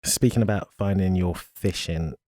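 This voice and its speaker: A man hosting a podcast, asking questions in a relaxed, casual way. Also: low-pitched, moderate pace, no room sound. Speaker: podcast host. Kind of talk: casual interview.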